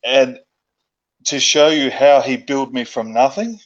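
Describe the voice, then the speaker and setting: A man hosting a casual chat, telling stories in an animated, excitable way. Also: medium pitch, a little slow. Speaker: host. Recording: dull lo-fi sound.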